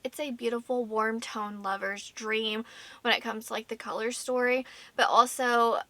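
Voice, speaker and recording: A woman's voice: on the high side, steady tone, moderate pace, fairly bright tone, no room sound. A woman chatting casually as a beauty vlogger, slightly out of breath and filling her talk with "like". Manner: chatty, fills with "like".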